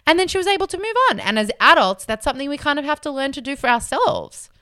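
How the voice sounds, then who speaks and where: A woman's voice: high-pitched, lively intonation, fast, bright, forceful tone, no echo, studio quality. A young woman co-hosting a casual chat podcast, telling stories animatedly and acting out quotes in playful voices. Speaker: podcast co-host.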